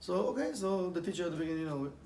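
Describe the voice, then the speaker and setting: A Kabbalah teacher with a high-pitched voice gives an informal spiritual lesson through rapid-fire, animated storytelling. He laughs often and acts out quotes and sound effects. The room is echoey with faint ambient noise.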